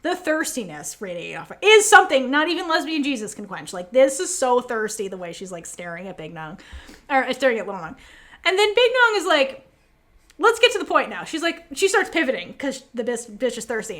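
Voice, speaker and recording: A woman co-hosting a podcast, chatting casually and animatedly with lots of fillers as she recaps scenes. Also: a little high. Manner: animated, fast, many fillers, quotes characters. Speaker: podcast co-host.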